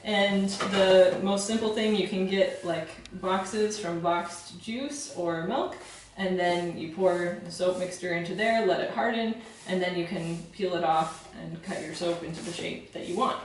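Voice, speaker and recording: A woman walks through a home demonstration in a relaxed, explanatory way, pausing on fillers and restarting phrases. Her voice sits a little off the mic in a strongly echoing kitchen. Faint room noise hangs underneath. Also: on the low side, distant mic. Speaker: soap-making instructor. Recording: very echoey room, voice from away from the mic.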